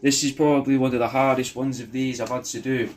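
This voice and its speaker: A man speaks fast at a medium pitch with little pitch movement, rambling through a personal video message. He swears a lot, puts himself down, and keeps restarting his sentences.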